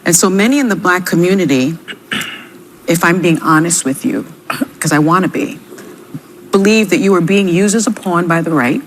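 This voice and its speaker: A woman argues a point in a televised debate, measured and pointed, and quotes her sources. Her voice sits on the low side. A faint background noise runs under the broadcast. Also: poor audio. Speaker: TV panel guest.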